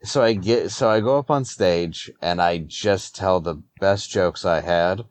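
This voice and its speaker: A middle-aged man, a comedian, telling an animated anecdote in casual podcast conversation and acting out the people in it. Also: low voice, measured pace. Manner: animated anecdote-teller, acts out other people. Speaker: comedian guest. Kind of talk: conversational storytelling.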